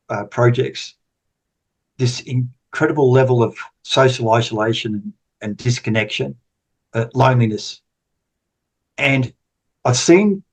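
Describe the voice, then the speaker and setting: In a mid-range, slightly rough voice, a podcast guest in his sixties tells stories casually during an interview. He tends to ramble and repeat himself.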